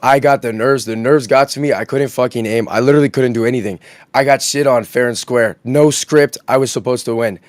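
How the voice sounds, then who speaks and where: Hoarse male gamer guest, dry mic, slangy and self-mocking. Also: medium pitch, steady tone, no room sound. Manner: rapid slangy, self-deprecating. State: hoarse from yelling. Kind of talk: casual chat.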